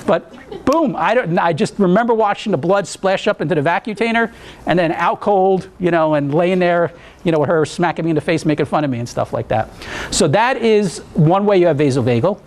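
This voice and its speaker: Higher-voiced man lecturing a class. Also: expressive, a little fast. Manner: conversational, tells anecdotes, asks the class questions. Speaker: EMT instructor.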